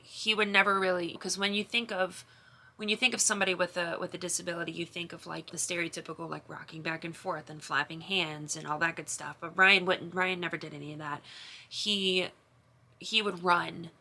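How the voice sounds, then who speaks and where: A young woman speaks to camera in an emotional, confessional vlog. Her voice is bright and rather low-pitched. She rambles and starts her sentences over again and again. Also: gravelly. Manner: emotional, rambling with many restarts and fillers. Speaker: vlogger.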